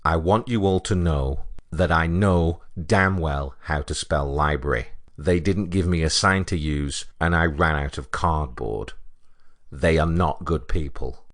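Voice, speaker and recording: A man's voice: rumbling low, unhurried, dry recording, clean studio sound. A man voicing a male bus driver who speaks in a blunt, defensive way. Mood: indignant.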